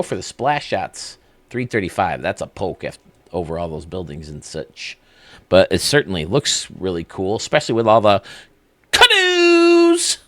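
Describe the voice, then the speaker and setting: A man's voice: low voice, dry recording. A man hosting a video game channel, giving casual, enthusiastic commentary that rambles as he thinks aloud.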